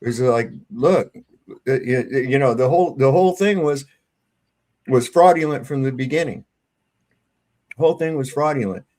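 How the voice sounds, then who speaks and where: Casting: blunt, profane man, casual panel talk, mid-pitched voice. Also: a little mellow. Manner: blunt, swears freely, drawn-out storytelling.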